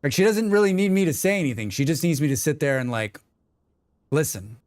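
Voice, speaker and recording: A man chatting casually on a gaming livestream, excitable and swearing freely while he talks to his viewers. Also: a little high, a little fast, no echo.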